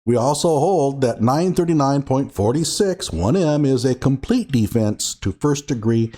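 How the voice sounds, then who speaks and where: Lively sarcastic male commentator. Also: medium pitch, moderate pace. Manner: sarcastic, reads documents aloud with emphasis. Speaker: show host. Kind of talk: commentary on a court ruling.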